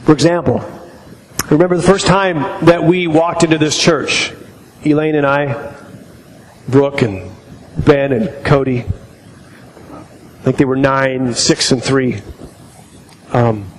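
A middle-aged man preaching a sermon as pastor, halting and repeating words as he tells stories. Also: on the high side. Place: church. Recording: long reverb in a hall, faint noise.

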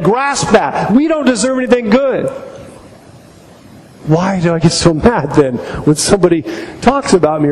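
A man's voice: very high voice, darkish tone. A man preaching a sermon, emphatic, often repeating his key phrases. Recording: echoey hall, faint background noise.

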